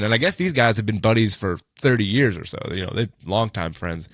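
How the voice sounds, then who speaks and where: Male podcast co-host, bright and forceful, loose profane storyteller, dry close mic. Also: medium pitch, very animated, brisk, no room sound. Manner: loose and profane, with many fillers like "like" and "you know". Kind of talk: casual storytelling.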